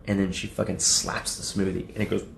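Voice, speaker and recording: Gravelly profane streamer man. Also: flat delivery, fairly quick, echoey room, slight background noise. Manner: profane, rambling, laughs often; acts out quotes in a high mocking voice. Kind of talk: casual livestream talk to chat.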